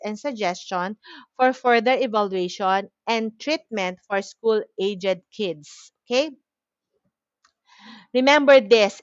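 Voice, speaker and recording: A woman's voice: medium pitch, no room sound, muffled recording. A woman with a Filipino accent gives an explanatory lecture on childhood anxiety. She switches between Tagalog and English and often checks in with "okay?".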